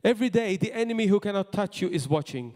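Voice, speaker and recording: A man preaching a sermon as pastor, in impassioned bursts that drop to quiet asides. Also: high-pitched, expressive, fast. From Malta. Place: church hall. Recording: long hall reverb.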